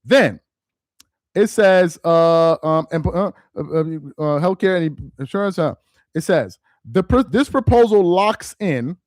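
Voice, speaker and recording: A man hosting a live-stream commentary, reading aloud slowly with heavy emphasis and mocking what he reads. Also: fairly high pitch, no room sound, studio quality. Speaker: political commentary host.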